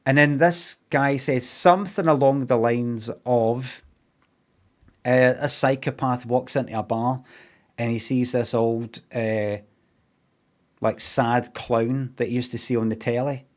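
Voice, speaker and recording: A man's voice: mid-range voice, fairly even intonation, a little slow. Scottish guy rambling through a film plot on stream, swears a lot, loads of ums, ordinary mid voice. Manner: sweary, meandering, with lots of fillers and asides. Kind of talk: casual rambling film recap.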